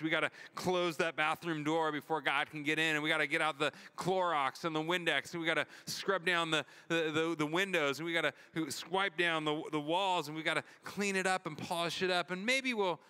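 A pastor with a fairly high, sharp yet smooth voice retells a story in his earnest, conversational sermon, repeating himself and saying "like" often. The church recording carries a long hall reverb.

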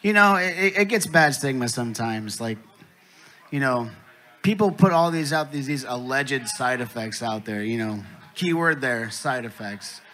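A man's voice: mid-range voice, lively intonation, normal speed, bright, forceful tone. A man telling stand-up jokes at a festival in a laid-back, profane storytelling manner. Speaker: comedian. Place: festival stage.

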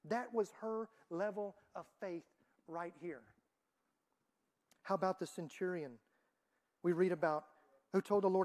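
A woman preaching a sermon in a church, moving between loud emphatic lines and soft, hushed ones. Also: mid-range voice, lively intonation, a little slow, pauses often.

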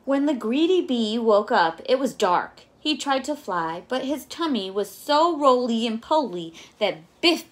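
Young woman teacher, story time reader, slightly higher voice, gentle and coaxing. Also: animated, a little slow, few pauses, slight background noise. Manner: gentle, coaxing, asks listeners questions. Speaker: teacher reading a story to children. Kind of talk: children's story time reading.

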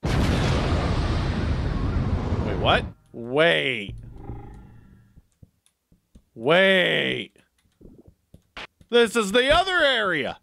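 A man giving excitable let's play commentary, reacting loudly to a game as he plays. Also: fairly high pitch, extremely slow, creaky, pauses often, a little hiss or hum. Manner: excitable, yelps and shouts at the game. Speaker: gaming YouTuber.

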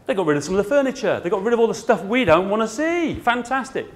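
Man, middle-aged, blunt and joking on stage, lively higher voice. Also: fast talker. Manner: blunt, comic, puts on voices. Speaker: garden centre owner and speaker. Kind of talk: conference talk.

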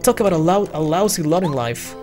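A player putting on a small, ornery creature that is always spoiling for a fight. It grumbles in a gruff, folksy drawl like a video game character. Faint game music sits in the background. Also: mid-range voice, lively intonation, fairly quick, a little mellow, close to an everyday voice. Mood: grumbling.

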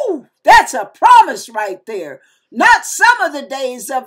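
A woman preaches a devotional message in a high, slow, deliberate voice. She speaks fervently and with emphasis, calling her listeners "y'all" and "you guys." She leans into each phrase as she reads the scripture aloud. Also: very animated, a bit bright. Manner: fervent, emphatic, breaks into gospel singing. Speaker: online preacher. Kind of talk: devotional sermon with scripture reading and singing.

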